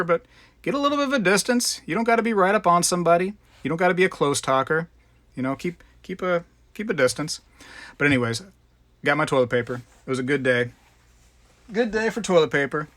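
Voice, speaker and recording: A man's voice: mid-range voice, sharp tone, no echo. A man hosting a live stream in casual, rambling chat, greeting viewers by name. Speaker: livestream host.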